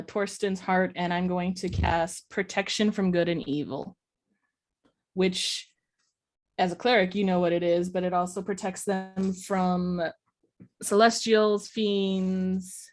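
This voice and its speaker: A woman playing a cleric in a tabletop game, casual and lively, explaining her spells. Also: mid-range voice. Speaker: player.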